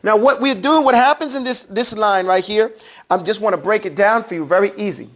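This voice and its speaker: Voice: mid-range voice, fairly quick. A teacher giving a classroom grammar lesson, prompting students to repeat words and explaining with everyday examples. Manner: call-and-response prompting, plain everyday examples.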